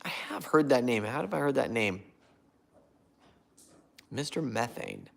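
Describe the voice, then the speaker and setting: A man runs a casual livestream, reading out and thanking viewer comments while rambling and losing his train of thought. His mid-range voice is expressive and creaky, at a measured pace.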